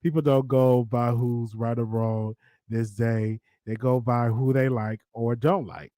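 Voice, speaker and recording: A man's voice: medium pitch, steady tone, a little slow, dark tone, dry recording, clean studio sound. A man with a Southern US accent hosting a live call-in talk show, chatty and repetitive, laughing often. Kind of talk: casual live call-in commentary.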